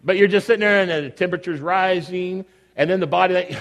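A man with a fairly high voice delivering a sermon. He speaks casually and animatedly, often dropping into little acted-out scenes and asides. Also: quick pace, long reverb tail. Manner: animated, conversational, acts out scenes. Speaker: preacher.

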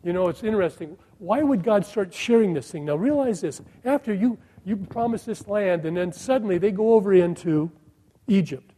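In a fairly high, mellow voice with lively intonation, a middle-aged male pastor preaches at a moderate pace, firing rhetorical questions at his listeners and shifting between loud, stressed phrases and soft, hushed ones. The recording is rough.

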